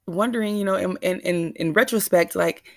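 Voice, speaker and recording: A woman's voice: on the low side, fairly quick, gravelly, no echo, clean studio sound. A woman vlogger telling a rambling, anxious, self-questioning story straight to her viewers. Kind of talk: casual confessional storytelling.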